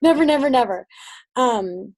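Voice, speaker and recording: A woman's voice: on the high side, animated, moderate pace, darkish tone, no room sound. A woman coaching her sales team in a casual talk. She acts out phone conversations and often checks that her listeners follow.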